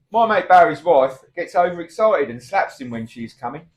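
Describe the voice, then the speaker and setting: A man's voice: on the high side, lively intonation, unhurried, slight background noise. A middle-aged man, trading cheeky, blokey comic banter and calling his partner mate. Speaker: comedy double act co-host.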